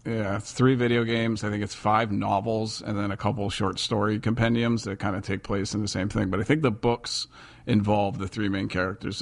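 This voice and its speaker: American guy, casual podcast co-host, low gravelly voice, rambling. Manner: rambling, self-mocking. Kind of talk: casual chat.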